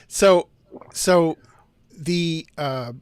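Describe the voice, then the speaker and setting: Higher-voiced hesitant man, dry sound. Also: drawn-out words, clear, resonant tone, no echo. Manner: hesitant, many restarts, storytelling. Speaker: podcast co-host. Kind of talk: casual discussion.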